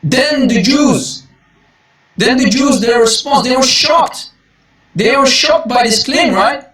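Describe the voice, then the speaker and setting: A man's voice: extremely high pitch, lively intonation, slow pace, a bit bright. A man preaching emphatic Bible commentary, repeating his exclamations and calling his listeners guys. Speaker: Christian preacher.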